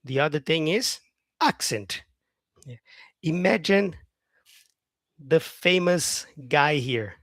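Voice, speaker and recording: A man's voice: on the high side, expressive, takes it slowly, pauses often, a bit bright, no echo. A man teaching English on a live stream, chatting with viewers by name, saying "yeah" often and modelling words by repeating them.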